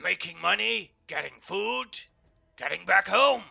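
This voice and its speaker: A swaggering lizardfolk raider chief, as a man puts him on in a live tabletop game. He speaks in blunt, broken sentences with a cocky, dismissive edge. The voice is bright and edgy, with heavy gravel. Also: high-pitched, expressive, unhurried, soft background music, voice pushed up, full character voice. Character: brash boastful male lizardfolk raider leader. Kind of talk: live tabletop role-play.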